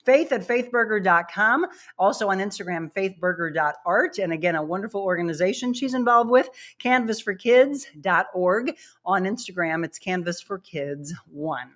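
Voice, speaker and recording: An upbeat woman hosts a fitness show and coaches viewers through exercises as she performs them. Her voice sits at an ordinary middle pitch. The recording has a roomy echo. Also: animated, normal speed, a bit bright. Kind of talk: live workout demonstration.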